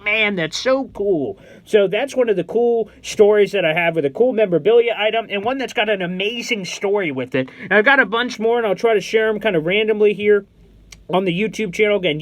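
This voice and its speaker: A young American man casually telling a story to his YouTube channel, animated and excitable, acting out his own past reactions. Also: sits high, no echo.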